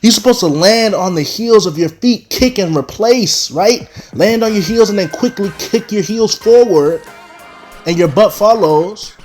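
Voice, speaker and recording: Animated young man telling a story. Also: sits high, unhurried, husky, soft background music. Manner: animated storyteller, talks straight to the audience. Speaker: vlogger. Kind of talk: casual storytime.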